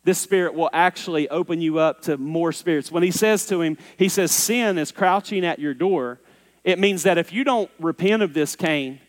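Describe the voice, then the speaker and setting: High-voiced preaching man in a reverberant hall. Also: a little fast, hardly any pauses. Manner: emphatic preacher, swings between loud urging and low intensity. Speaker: pastor. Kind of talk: sermon. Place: church sanctuary. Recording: long reverb of a church hall.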